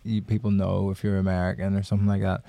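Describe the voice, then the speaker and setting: A man's voice: low-pitched, monotone, fast, vocal fry, mellow, dry recording. A young Irish man, a stand-up comedian, talking thoughtfully in a casual podcast chat, hesitating and choosing his words. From Ireland.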